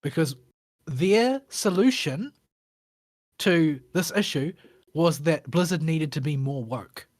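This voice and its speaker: A man with a slightly high voice, recorded dry with no room sound. He co-hosts a gaming podcast and talks bluntly, with lots of hesitant fillers. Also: expressive, slow pace, no room sound. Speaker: podcast co-host. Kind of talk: casual chat.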